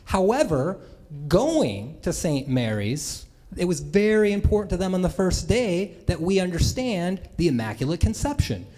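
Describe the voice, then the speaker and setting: High, lively man telling funny stories. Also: normal speed. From US Midwest. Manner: self-mocking, chatty, with asides to the crowd. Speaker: storyteller at a live talk. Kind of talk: comic personal storytelling to an audience. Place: stage before a laughing live audience.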